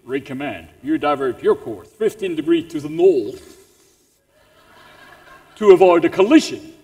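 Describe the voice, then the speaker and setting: A man's voice: fairly high pitch, wildly swooping pitch, a little slow, creaky, mellow, pitched below the performer's own voice, heavily acted. French man putting on a pompous British naval captain. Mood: commanding. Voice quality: commanding, self-important. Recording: long reverb in a large hall.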